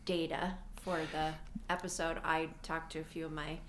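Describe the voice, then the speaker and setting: A woman from Colorado co-hosting a podcast in casual chat, lively and laughing often. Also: low voice, normal speed, slight background noise. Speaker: podcast co-host.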